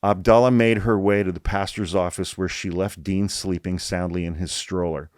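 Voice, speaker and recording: A man's voice: low voice, fairly even intonation, moderate pace, darkish tone, dry recording, clean studio sound. A man hosting a political podcast, speaking bluntly and heatedly, swearing often and repeating his points for emphasis. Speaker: podcast host. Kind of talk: political commentary podcast, reading an article aloud.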